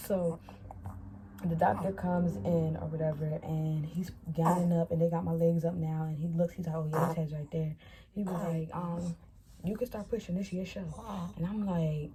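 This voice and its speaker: A woman's voice: fairly low pitch, normal speed, slight background noise. A young woman vlogger telling a storytime casually and chattily, acting out what others said. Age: young adult. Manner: chatty, animated retelling that acts out quoted dialogue.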